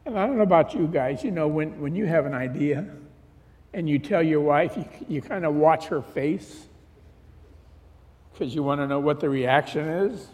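A middle-aged man gives sermon testimony in a fairly high voice, telling a personal story in an easy, conversational way. He acts out the back-and-forth dialogue as he goes. The sound rings with a long reverb, as if recorded in a church hall. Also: moderate pace, a little mellow. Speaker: pastor.

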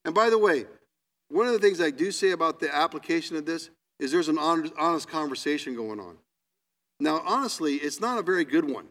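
A man preaching a sermon, reading scripture aloud with emphatic pauses and then commenting in a conversational way. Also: fairly high pitch, expressive, fairly bright tone. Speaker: pastor.

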